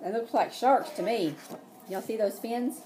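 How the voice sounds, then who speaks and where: A woman's voice: fairly high pitch, unhurried, warm tone, a little hiss or hum. A woman preschool teacher, reading a picture book aloud and asking the children questions.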